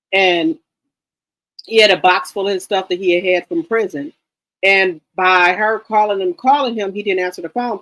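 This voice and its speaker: A woman's voice: medium pitch, fairly bright tone. A woman hosting a casual commentary show, talking straight to her viewers in an emphatic, repetitive way. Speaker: host.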